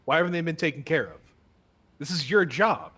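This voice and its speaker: A man's voice: medium pitch, animated, unhurried, husky. A man doing a stern, indignant male inspector who barks one rhetorical question after another. His voice sits mid-range and he leans hard on the words, talking a lazy guard captain down in a tabletop game. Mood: scolding. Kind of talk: tabletop role-play in character.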